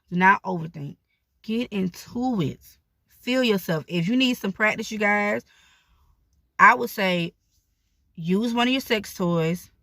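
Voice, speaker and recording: A woman's voice: mid-range voice, creaky, fairly bright tone, no echo. A woman vlogger giving casual advice, speaking candidly and addressing her viewers directly.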